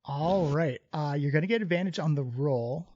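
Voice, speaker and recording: Slightly high-voiced game master man. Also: normal speed, a little mellow, dull audio. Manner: loose, filler-heavy narration. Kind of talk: narrating a tabletop game.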